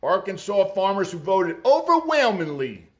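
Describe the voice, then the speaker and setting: A man's voice: high voice, big pitch swings, moderate pace. A man giving sarcastic political commentary, profane and mocking.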